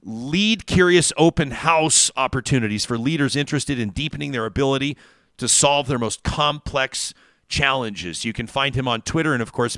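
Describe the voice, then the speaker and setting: A man hosting a podcast, telling stories in a casual, animated, digressive way. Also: mid-range voice, dry recording, studio quality. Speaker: podcast host. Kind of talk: casual chat.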